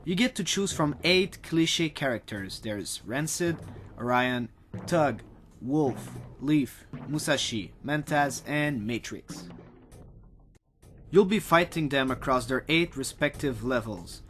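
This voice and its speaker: A man's voice: medium pitch, lively intonation, slow, a bit bright. A man narrating a scripted retro game review in a wry, blunt and casually crude way. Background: game music.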